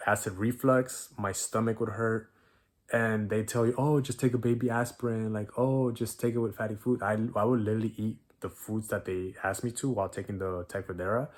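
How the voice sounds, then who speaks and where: A man in his twenties, a vlogger, telling a personal story to camera in casual slang, acting out quoted dialogue. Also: on the low side.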